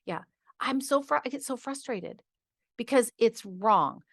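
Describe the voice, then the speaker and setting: A middle-aged woman hosting a podcast, ranting in an animated, exasperated way and acting out patients in quoted asides. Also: a little high, measured pace, no echo, clean studio sound. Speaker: podcast host. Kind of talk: casual podcast monologue.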